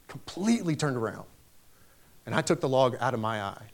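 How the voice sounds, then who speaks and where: A man's voice: mid-range voice, big pitch swings, fairly quick, gravelly, long pauses, slight background noise. A man preaching a sermon, telling a personal story with emphatic delivery that rises to raised exclamations.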